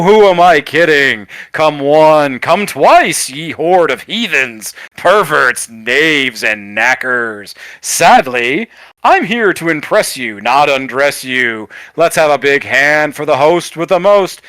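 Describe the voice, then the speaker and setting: A man voicing a bulky, flamboyant male announcer with theatrical, drawn-out proclamations in a tabletop game. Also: fairly high pitch, big pitch swings, fairly bright tone, clear, resonant tone, no echo, pitched above the performer's own voice, full character voice. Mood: showy. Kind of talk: tabletop role-play character voice.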